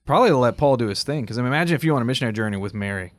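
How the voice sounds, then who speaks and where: A man co-hosting a casual Catholic talk show, telling the story with animated emphasis and easy laughs. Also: medium pitch, racing, dry recording.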